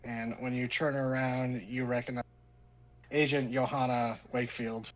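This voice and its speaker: Man running a tabletop game, mid-pitched, loose halting narration, dull lo-fi sound. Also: little pitch movement. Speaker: game master.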